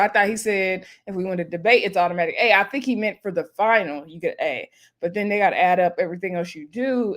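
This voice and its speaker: A woman talks through a reality show episode in a loose, chatty way. She laughs easily and slips into quick impressions of what people said. Her voice sits at an ordinary middle pitch. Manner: chatty, laughs often, lively retelling with voiced quotes. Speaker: reality show recap host. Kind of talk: casual recap commentary.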